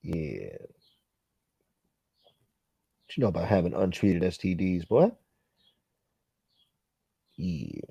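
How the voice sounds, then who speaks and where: A man's voice: low-pitched, wildly swooping pitch, takes it slowly, creaky, long pauses, dark tone, slightly rough, dry recording, highs cut off. A man hosting a casual livestream, reading viewer comments in a blunt, profane, rambling way. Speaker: livestream host.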